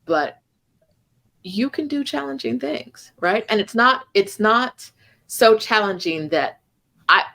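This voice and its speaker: A woman co-hosting a casual chat, telling animated stories peppered with "like" and "right?". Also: fairly high pitch, slow, vocal fry. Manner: animated storytelling with lots of "like" and "right?". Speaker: co-host. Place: home in Mexico City.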